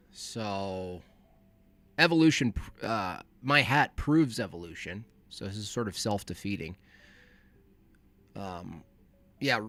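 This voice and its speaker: Male stream host, low and slow, casual rambling patter. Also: a bit bright. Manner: rambling, laid-back, talks to himself while setting up. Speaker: livestream host. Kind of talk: casual livestream chat.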